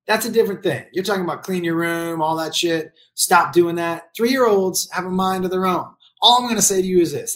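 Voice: medium pitch, fairly bright tone. A middle-aged parent giving blunt, profane advice on raising kids in a casual comedic rant.

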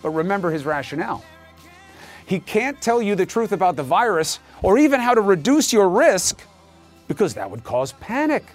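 A man's voice: high voice, sing-song, normal speed, faint music behind. Emphatic, sarcastic news anchor man. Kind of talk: opinion monologue.

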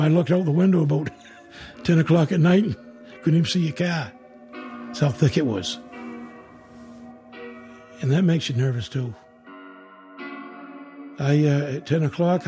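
A man telling a first-person ghost story in a rambling, halting way, full of restarts and repeated words. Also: fairly high pitch, mellow.

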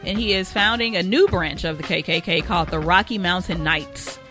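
A woman's voice: lowish voice, fairly quick, music in the background. A woman co-hosting a podcast, recapping a news story in sarcastic, profane casual banter.

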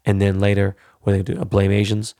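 A man's voice: lowish voice, monotone, fast talker, creaky, mellow, no echo, studio quality. A man hosting a podcast, ranting bluntly and swearing heavily, punctuating points with "all right?" and "you know?". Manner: frequent tag questions like "all right?". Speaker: podcast host. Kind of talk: profane monologue.

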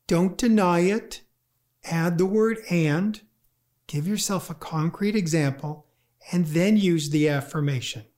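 A grief lecturer giving a talk, speaking conversationally and acting out inner voices in quick asides. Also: medium pitch, a little mellow. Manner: conversational, with fillers. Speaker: grief lecturer and workshop leader. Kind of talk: talk on grief and positive thinking.

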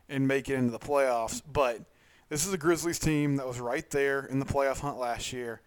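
Smooth-voiced man hosting a sports podcast. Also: mid-range voice, dry recording. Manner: enthusiastic, chatty and self-mocking. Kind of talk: casual solo sports podcast talk.

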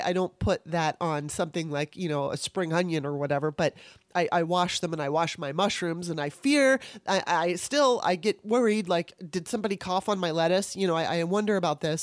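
Woman, podcast host, tearful, candid and swearing, halting restarts, dry close sound. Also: medium pitch, no room sound. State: tearful, upset. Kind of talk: emotional solo podcast monologue.

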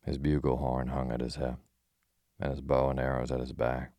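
A man with a strikingly deep voice reads a bedtime tale aloud. He keeps his delivery almost completely level, with barely any rise or fall, in a calm, unhurried way. The sound is close and dry, with no room around it. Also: no echo. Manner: calm, even reading of old-fashioned prose. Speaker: sleep story narrator. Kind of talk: slow bedtime storytelling.

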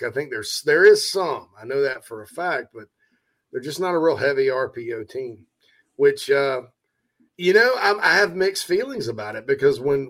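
A man's voice: medium pitch, fairly bright tone. A man from South Carolina with an Upstate accent, hosting a casual sports talk show and reading listener comments in a chatty, self-mocking way.

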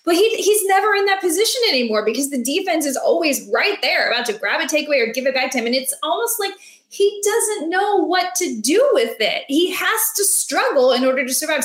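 A woman with a high voice co-hosts a casual sports chat. She rambles in a playful, animated way. Her voice rings in an echoey room. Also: fairly quick. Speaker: sports podcast co-host.

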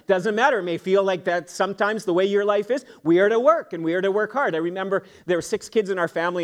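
A middle-aged man, a pastor, preaching in church in an earnest, emphatic way with homely jokes and asides. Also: fairly high pitch. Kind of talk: sermon. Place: church sanctuary.

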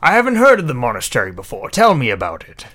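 A man voicing a male guard at a lord's door, talking loudly in a mock-formal put-on accent. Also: mid-range voice, wildly swooping pitch, fast talker, slight background noise. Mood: wary questioning.

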